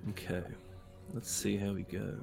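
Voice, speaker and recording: A man's voice: lowish voice, flat delivery, measured pace, gravelly, mellow, faint music behind. A man playing a tabletop game, describing his character's moves in a hesitant way, with many fillers. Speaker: player.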